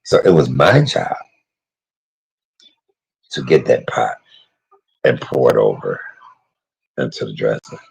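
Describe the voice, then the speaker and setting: Man, very low pitch, raspy husky tone, casual cooking vlog, warm-hearted chatter. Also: animated, takes it slowly, long pauses, low-quality recording. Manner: emotional, chatty, talks to live chat by name. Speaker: cooking vlogger. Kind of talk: casual cooking talk to viewers.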